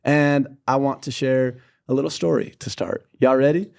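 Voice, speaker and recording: Young man telling a lively story. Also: mid-range voice, moderate pace, gravelly. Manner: animated storyteller who acts out the people he quotes. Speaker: podcast co-host. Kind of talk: casual podcast chat, personal storytelling.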